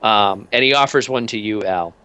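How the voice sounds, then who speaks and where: Guy gm-ing a tabletop game, bright voice, lots of ums and uhs. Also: fairly low pitch, smooth. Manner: casual, halting with many fillers. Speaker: game master.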